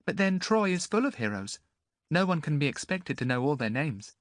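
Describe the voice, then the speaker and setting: A man voicing a curious, gentle young noblewoman in an audiobook, speaking in a soft, questioning way. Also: a little high, very animated, moderate pace, dry recording, studio quality, pitched above the performer's own voice. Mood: wry.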